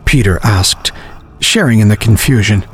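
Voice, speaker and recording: A man narrating a horror story in a measured, grim storytelling manner. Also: lowish voice.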